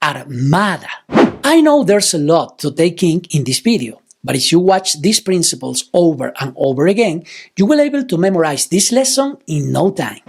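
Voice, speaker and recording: A woman teaching Spanish, patiently explaining grammar rules and slowing down to model example words. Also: deep voice, a little mellow, breathy edge. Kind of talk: explanatory language lesson.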